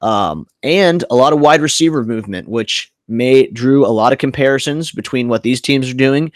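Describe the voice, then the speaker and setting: A man hosting a casual sports podcast, laid-back and joking, with plenty of fillers as he talks. His voice sits at an ordinary middle pitch. The recording is dry and close, with no echo. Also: moderate pace. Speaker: podcast host.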